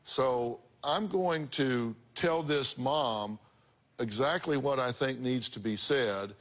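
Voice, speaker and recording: Man, talk show host, forceful and direct, lecturing tone, mid-range voice. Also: medium pitch, slow. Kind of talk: blunt advice talk.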